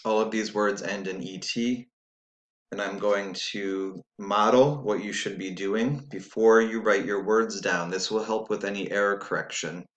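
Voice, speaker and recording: A man's voice: lowish voice, steady tone, measured pace, a bit bright. A man teaching a spelling lesson, dictating sounds and words patiently and spelling letters out one by one. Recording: echoey room.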